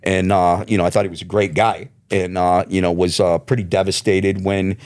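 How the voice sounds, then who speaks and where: Low guy, halting, lots of you knows. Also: level tone, darkish tone. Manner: halting, many fillers. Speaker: guest, co-author. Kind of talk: casual chat.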